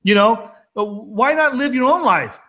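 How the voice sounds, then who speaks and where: A man's voice: very high voice, lively intonation, unhurried, pushed and bright. A man co-hosting a trading talk show, talking in an emphatic, fired-up rant. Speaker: co-host of a crypto trading show. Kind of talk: casual chat.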